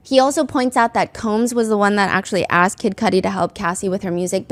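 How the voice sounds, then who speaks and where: A woman in casual commentary mode, talking through events in an easy, chatty flow at a mid-range pitch. She leans on filler words and slips into quoted back-and-forth as she tells it. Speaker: commentary host recapping a trial.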